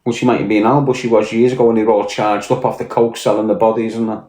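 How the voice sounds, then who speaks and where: A man's voice: lowish voice, flat delivery, quick pace, a little mellow. Blunt, confrontational Scouse man. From Liverpool, England. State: mentally tired. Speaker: live streamer. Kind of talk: casual livestream rant. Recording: roomy echo.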